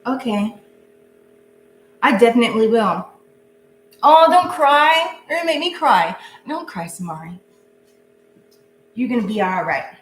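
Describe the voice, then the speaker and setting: A woman's voice: fairly high pitch, sing-song, a little slow, long pauses. A woman giving a casual live tarot reading, chatty and goofy, laughing often. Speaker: tarot reader. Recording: echoey room with faint hum.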